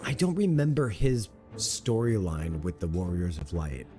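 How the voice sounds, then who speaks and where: A man's voice: low-pitched, sing-song, measured pace, over music. Playful, chatty male streamer. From Europe. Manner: playful, chatty, laughs at himself. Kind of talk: casual gameplay commentary.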